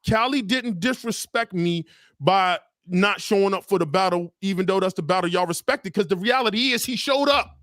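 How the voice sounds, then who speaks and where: A man's voice: sits high, moderate pace, fairly bright tone, no room sound, clean studio sound. A man hosting a casual livestream chat, laid-back and direct, often calling people brother. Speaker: show host.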